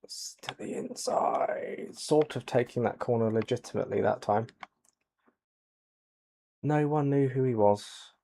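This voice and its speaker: A man giving soft-spoken ASMR commentary over a racing game, quiet and low-key, with dry jokes. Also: unhurried, long pauses. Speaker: gaming channel host.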